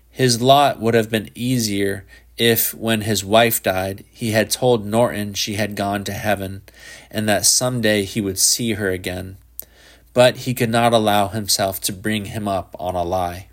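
A man reading a literary short story aloud in a measured, even narration. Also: lowish voice. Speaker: audiobook narrator.

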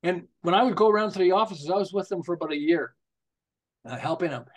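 A high-pitched, quick-talking podcast guest, this marketing consultant is 60 or older. He tells casual stories and jokes in an animated way, often breaking into laughter.

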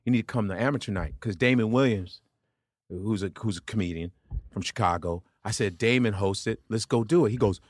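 Man, comedian guest, casual storytelling, profane and animated, dry close studio mic. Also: lowish voice, fairly quick, no room sound.

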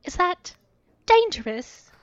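A woman's voice: very high voice, sing-song, slow pace, no room sound, lo-fi sound, voice pushed up, full character voice. A woman voicing a distraught young woman whose voice quivers and breaks into sobs. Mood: tearful distraught.

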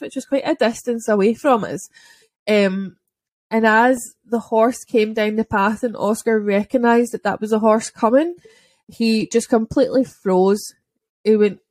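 A woman's voice: fairly high pitch, a little mellow, dry recording. A woman telling a dog-walking story in a casual podcast chat, chatty and full of "like" fillers. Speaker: dog owner and podcast speaker.

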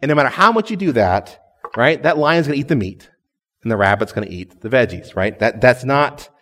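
A man's voice: medium pitch, animated, brisk, a bit bright, big-room sound. A man giving a sermon as a guest preacher. He speaks conversationally and often adds "right?" to check in with listeners.

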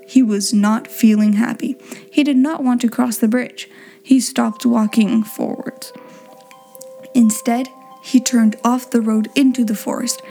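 A woman reads a storybook aloud in a clear, simple way suited to learners. Her voice sits a little high but sounds mellow and warm. Soft music plays faintly underneath. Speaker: narrator.

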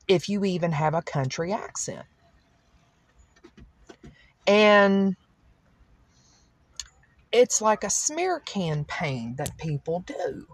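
A woman from the American South with a Southern accent, talking through her opinions in a rambling solo podcast monologue full of fillers. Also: on the low side. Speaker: podcast host.

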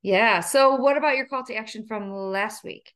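A woman's voice: a little high, normal speed, a bit bright. A woman wellness coach co-hosting a podcast, chatting in a playful, reassuring, talkative way. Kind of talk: casual podcast chat.

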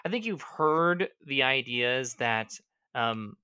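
A man narrating a tabletop game as its game master, painting scenes in a bright, crisp voice. He talks things out patiently, with plenty of ums and little pauses, and the sound is close and dry. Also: mid-range voice, lively intonation, no echo. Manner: descriptive, unhurried with frequent ums.

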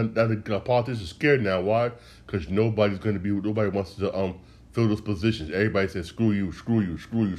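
Alone on his podcast, a male host rants heatedly, repeating himself and speaking directly to his listeners, his voice fairly low-pitched and darkish.

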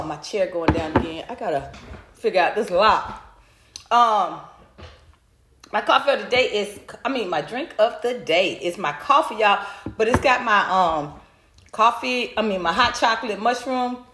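A middle-aged woman hosts her podcast in a loose, chatty way, calling out listeners by name. Her voice sits high and bright in pitch. The room around her is echoey and roomy. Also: a little hiss or hum. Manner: chatty, greets viewers by name. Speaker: podcast host. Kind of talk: casual livestream chat.

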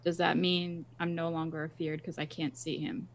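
Lower-voiced woman playing a game. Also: flat delivery, moderate pace, slight background noise, poor audio. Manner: describes her character's moves. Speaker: player. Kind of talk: casual chat.

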